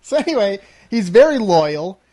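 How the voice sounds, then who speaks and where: High, lively young man joking around. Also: normal speed, no room sound. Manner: joking, playful, throat-clearing. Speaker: podcast co-host. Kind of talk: casual podcast banter.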